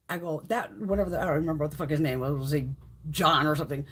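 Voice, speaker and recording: A middle-aged woman hosting a beauty livestream tells stories bluntly and casually, swearing and laughing frequently. Her voice is fairly low, fast, and slightly rough.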